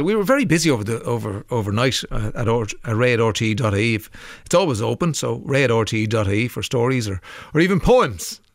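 Chatty Irish radio host, dry studio sound. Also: male voice, mid-range voice, a bit bright, no room sound. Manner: chatty, laughs easily, with frequent filler "uh"s. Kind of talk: casual radio chat, reading listener messages. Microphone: studio microphone.

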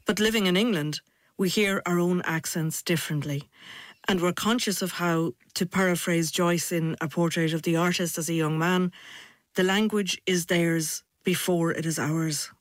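Woman host, lowish voice, dry studio sound, measured narration. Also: steady tone, no room sound. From Ireland. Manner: measured, thoughtful. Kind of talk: interviewing and scripted narration.

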